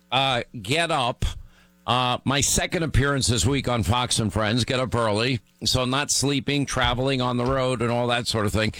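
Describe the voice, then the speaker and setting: A hoarse middle-aged man hosting a talk radio show, rambling and repetitive as he talks through his busy day. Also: mid-range voice, moderate pace, fairly bright tone, no room sound. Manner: rambling, repetitive, self-mocking. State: hoarse from talking all day. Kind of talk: talk radio monologue and banter.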